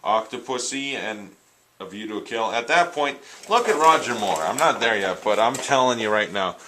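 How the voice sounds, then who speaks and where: A man's voice: on the low side, lively intonation, normal speed, pushed and bright, slight background noise, poor audio. A man chatting casually on camera, rambling and enthusiastic as he reviews his new films. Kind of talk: casual unscripted vlog. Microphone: handheld camera, self-recorded.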